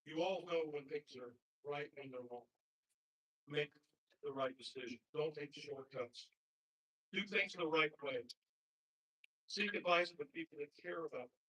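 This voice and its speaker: A basketball coach gives an earnest commencement speech with a story, repeating simple advice to graduates. His voice is a little high and sharp, moving slowly with long pauses. It sounds husky and is recorded from well away from the mic.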